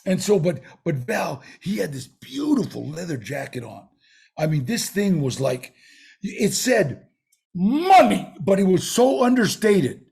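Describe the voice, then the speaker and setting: A man with a raised, husky voice tells stories to an interviewer. He rambles and restarts, slipping into streetwise slang as he goes. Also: high voice, measured pace. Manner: rambling, animated storyteller with many restarts. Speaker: guest. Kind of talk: casual storytelling in an interview.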